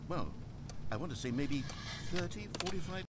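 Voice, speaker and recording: A man's voice: fairly high pitch, lively intonation, moderate pace, heavy background noise, natural voice. A man voicing a wry, long-winded male narrator in a video game, theatrical and storytelling. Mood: rambling.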